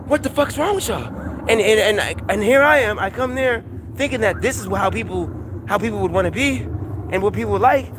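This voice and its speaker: High-voiced man ranting, profane and animated. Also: a little hiss or hum. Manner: animated, profane, laughs often, repeats himself. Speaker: vlogger. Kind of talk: casual rant to camera.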